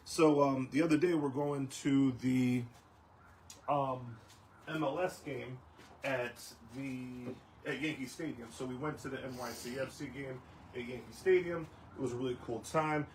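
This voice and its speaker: A man's voice: medium pitch, fairly even intonation, measured pace, darkish tone, slight background noise. A man hosting a casual sports talk show, rambling along with lots of ums and restarts. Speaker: host.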